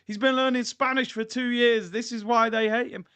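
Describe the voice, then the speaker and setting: A man's voice: very high-pitched, steady tone, a little fast, a bit bright, clean tone, voice pushed up. A man mimicking outraged male football fans ranting about a player, in a mocking impression. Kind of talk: mocking impression on a live stream.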